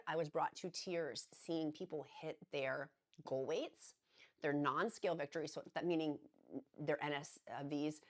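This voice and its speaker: Woman vlogger, middle-aged, low pitch, earnest and chatty, rambly encouragement to camera. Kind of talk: casual encouraging talk to camera.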